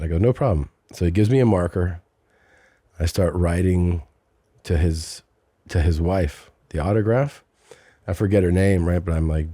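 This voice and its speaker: A podcast host, a man, spins a rambling anecdote in loose, casual chat. His voice sits low and mellow, and the sound is dry and close. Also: moderate pace, long pauses, breathy edge, no echo. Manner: animated storyteller, mocking voices.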